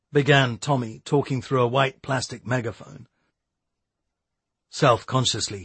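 A man narrating a novel in a measured storytelling voice. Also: medium pitch, vocal fry, fairly bright tone, slightly rough, no room sound. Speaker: audiobook narrator. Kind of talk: scripted narration.

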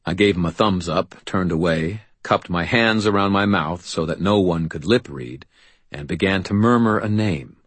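A man reads a first-person novel aloud in a low, husky voice with an even, steady delivery. The sound is dry and close, with no room around it. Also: no room sound. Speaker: audiobook narrator. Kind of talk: first-person audiobook narration.

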